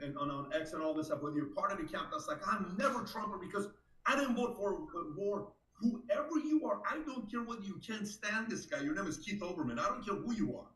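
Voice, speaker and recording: Emphatic male stream host, fairly high voice. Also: a bit bright, roomy sound, distant mic, low-quality recording. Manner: emphatic, insistent, repeats for emphasis. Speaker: host of a live reaction stream. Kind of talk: live stream political commentary.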